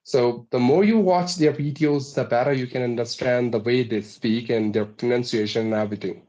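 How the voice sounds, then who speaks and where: A man's voice: medium pitch, fairly even intonation, normal speed, mellow, muffled recording. A man earnestly explaining, point by point, how he learned to speak, as an interview guest. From India. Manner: earnest, explanatory, numbered tips. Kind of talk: interview answer.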